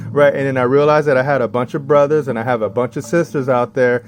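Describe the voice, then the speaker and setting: A man giving a casual religious talk as an online preacher, tagging his points with "right?" and "check this out", reading scripture slowly and acting out quoted voices higher. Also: fairly even intonation, background noise. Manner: reads scripture slowly and deliberately.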